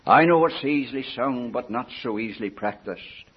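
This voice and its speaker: An older man preaching a sermon in an earnest, pleading way, swinging from soft asides to raised appeals. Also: moderate pace, breathy edge. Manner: earnest, pleading, rises and falls in pitch and loudness. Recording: dull lo-fi recording.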